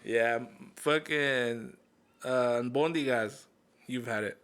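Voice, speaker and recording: A man's voice: medium pitch, takes it slowly, a bit bright. A man hosting a casual interview, joking loosely, swearing and dropping in Spanish words. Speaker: podcast host.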